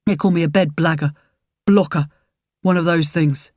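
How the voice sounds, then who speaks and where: A woman's voice: sits low, fairly even intonation, moderate pace, a little mellow, no room sound, clean studio sound. A woman voicing a frail, stubborn, mischievous elderly man in a storybook reading. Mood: wry. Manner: blunt, mischievous.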